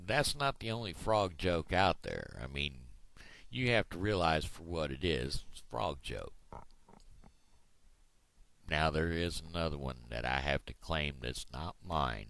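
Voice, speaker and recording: Brief: folksy man joke-telling, bright, dry sound. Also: deep voice, lively intonation, measured pace, creaky, no echo. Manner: folksy storyteller, laughs at own jokes. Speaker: vlogger. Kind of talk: telling jokes to camera.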